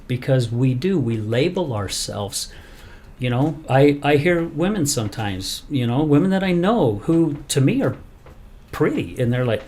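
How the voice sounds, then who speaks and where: A man in casual podcast chat, retelling a story with a lot of energy. He slips into the voices of the people he quotes as he talks. His pitch sits right in the middle. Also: moderate pace, slight background noise. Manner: animated storyteller, acts out quoted lines. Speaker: podcast host.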